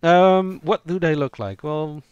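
A man's voice: on the high side, a little slow, a little mellow, clean tone, no room sound, muffled recording. A man giving a casual spoken tutorial on voicing roleplaying characters, thinking aloud and improvising as he goes. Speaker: roleplaying game player explaining character voices.

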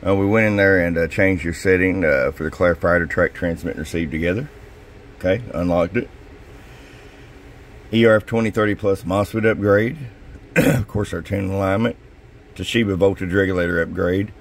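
A man with a slightly hoarse voice, casually walking through a demo at his radio workbench, dropping in fillers and a tag of "okay?". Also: low voice, normal speed. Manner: casual, folksy, drops in "okay?" and "uh". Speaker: CB radio shop technician. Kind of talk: casual product demo narration.

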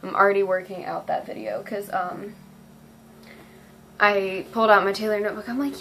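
A woman's voice: mid-range voice, normal speed, fairly bright tone, slight background noise, poor audio. A teenage girl vlogging casually, rambling and gushing with lots of ums. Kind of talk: casual fan vlog.

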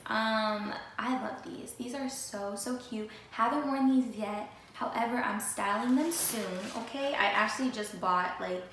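A young woman with a fairly high voice chats excitedly, addressing her viewers directly as she shows off her sneakers. Her voice rings through a very echoey room. A faint hiss of noise sits under the recording. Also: measured pace, hardly any pauses. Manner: chatty, animated, talks straight to viewers. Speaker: vlogger. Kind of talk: casual sneaker haul chat.

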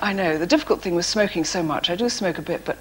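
A woman, a talk-show guest, telling animated, self-mocking anecdotes in a TV studio. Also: lowish voice, quick pace, a loud crowd. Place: TV studio before an audience.

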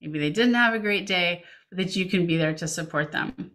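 Woman, webinar presenter, slightly low pitch, reassuring coaching tone, video-call mic. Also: normal speed, a bit bright. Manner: reads chat questions aloud. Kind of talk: parenting webinar talk. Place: home setup, remote webinar. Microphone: computer mic on video call.

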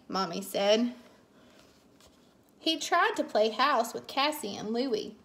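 A woman teacher reading a children's picture book aloud as a bedtime story, expressive and warm in delivery with voices for the characters. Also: a little high, slow, creaky.

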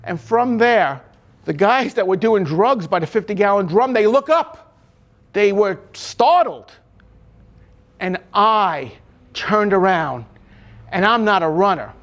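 High-voiced New man telling his story. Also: animated, slow, pauses often, a bit bright. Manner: earnest, emphatic retelling, acting out the voices in his story. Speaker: interviewee, former corrections officer. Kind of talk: personal storytelling in an interview.

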